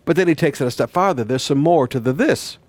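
Male pastor mid-sermon, fairly high voice, dry close sound, stammers and repeats as he presses a point. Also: animated, fast talker, no room sound. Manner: repeats words, swings between loud declaring and quiet emphasis.

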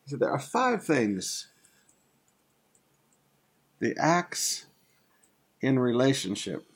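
Slow, husky older preacher. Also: male voice, medium pitch, huge pitch swings. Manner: conversational Bible teaching with asides and repeated phrases. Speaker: pastor. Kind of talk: sermon.

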